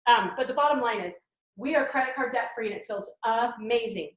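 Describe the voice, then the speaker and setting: A woman's voice: a little high, animated, a little fast, roomy sound, rough recording. A woman giving a team mindset training talk, enthusiastic and chatty, laughing often.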